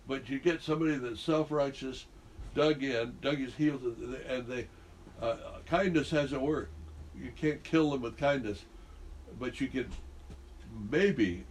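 A man's voice: mid-range voice, a little hiss or hum. A man leading a group Bible study, talking conversationally and quizzing the group with questions.

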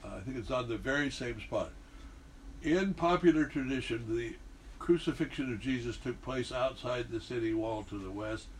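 A man leads an informal Bible lesson, reading passages and explaining them in an easygoing, halting way. His voice sits at a middle pitch. Faint background noise runs under the recording. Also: rough recording. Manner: conversational, reads scripture then explains with hesitations. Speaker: Bible teacher.

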